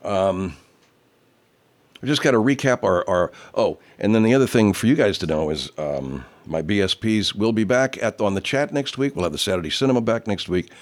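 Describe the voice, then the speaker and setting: A man's voice: on the low side, lively intonation, moderate pace. A man hosting his own online show, chatting casually and rambling, swearing freely and mocking himself. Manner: many fillers and restarts, drifts off topic. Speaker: host of an online radio show.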